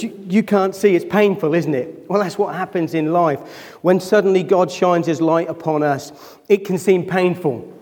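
A man's voice: on the high side, a little mellow, in a large hall. A man preaching a sermon as pastor. He talks emotionally, nears tears, and keeps asking his congregation questions. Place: church hall.

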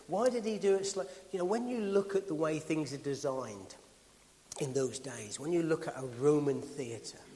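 A man preaching a sermon in a church hall. He builds with rhythmic, emphatic repetition and then drops to quiet asides. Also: a little high. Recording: long hall reverb.

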